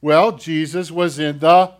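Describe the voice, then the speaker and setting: Pastor guy doing the kids' talk, slow and gentle, kinda playful, slightly high voice. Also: fairly even intonation. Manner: gentle, playful, talking to kids. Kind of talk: children's sermon.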